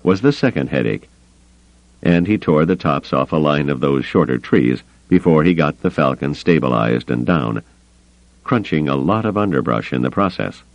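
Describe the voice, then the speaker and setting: Very deep-voiced male audiobook narrator. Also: dry recording. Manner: measured, expressive storytelling. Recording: dry, slightly muffled studio recording.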